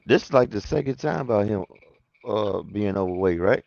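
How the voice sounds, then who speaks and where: A man with a low, gravelly voice talks basketball in easy slang, tossing in fam and bro. His mic sounds dull and lo-fi, dry with no room echo. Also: expressive, moderate pace, darkish tone. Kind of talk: casual basketball chat.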